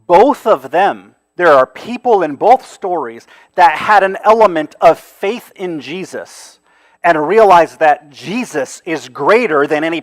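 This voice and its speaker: Male pastor swinging from loud to hushed. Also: on the high side, no room sound. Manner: dramatic swings between loud mocking voices and hushed near-whispers. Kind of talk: sermon.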